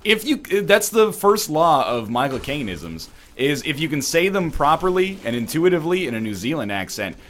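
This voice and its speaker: A man's voice: on the high side, very animated, normal speed, hardly any pauses, a bit bright, a little hiss or hum. A man hosting a let's play, chatting casually at home with a wry, sarcastic banter while he plays. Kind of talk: casual chat over gameplay. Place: apartment.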